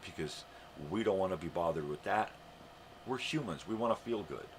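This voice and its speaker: An older American man hosts a live morning show, launching into a sarcastic, mocking rant full of heavy swearing. His low-pitched voice is animated at a normal speed, with a little hiss or hum in the background.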